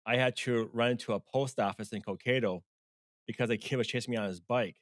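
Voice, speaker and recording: A man from hosts a podcast in a relaxed, curious way. His voice sits at a middling pitch, with a dry, close sound and no room echo. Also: fairly quick. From Minnesota. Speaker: podcast host. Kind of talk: casual interview.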